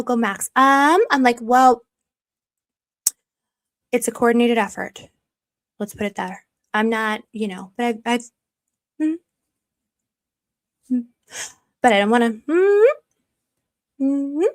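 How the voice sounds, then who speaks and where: A woman hosting a casual livestream from home, gushing over viewers' comments and rambling through stories. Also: fairly high pitch. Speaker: livestream host reading chat.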